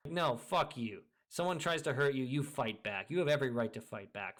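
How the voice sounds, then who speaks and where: A man's voice: medium pitch, expressive, brisk, few pauses, a bit bright. A man delivering a profane, scornful ranting monologue, emphatic and breaking into frequent laughter. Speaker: video creator.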